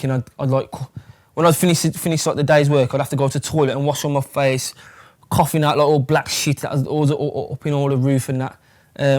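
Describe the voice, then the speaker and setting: A man's voice: mid-range voice, mellow. A young man from England, chatting casually in an interview, rambling with plenty of fillers and swearing. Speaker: fighter.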